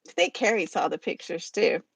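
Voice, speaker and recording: A woman's voice: on the low side, a little fast, gravelly, husky. A woman hosting a poetry reading, chatting casually about a poem in a chatty way with giggly asides. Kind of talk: casual chat about poems.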